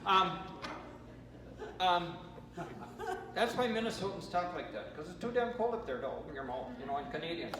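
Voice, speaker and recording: An American man leading a choir rehearsal warm-up, giving chatty instructions with joking asides. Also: sits high, lively intonation, normal speed, long pauses. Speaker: choir vocal coach. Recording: roomy hall, from far off, noisy.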